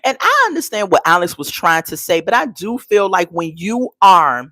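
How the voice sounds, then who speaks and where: A woman breaks down a reality episode in a chatty, opinionated recap, acting out what the cast said. Her voice swoops up and down with lively pitch, and the sound is close and dry. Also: moderate pace, no room sound, rough recording. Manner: chatty and opinionated, acts out quotes; frequent "okay?" tags. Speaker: reality show reviewer. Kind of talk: casual recap commentary.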